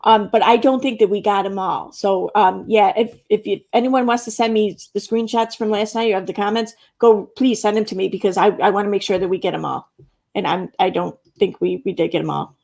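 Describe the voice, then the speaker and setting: A woman's voice: mid-range voice, steady tone, brisk, creaky, a little mellow. A woman hosting a casual livestream, rambling and reading chat comments aloud, with the odd curse word. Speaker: livestream host.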